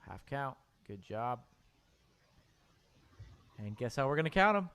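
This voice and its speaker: A man's voice: medium pitch, sing-song, a little slow, fairly bright tone, smooth. A man teaching a piano class, joking with his students while he draws notes with a mouse.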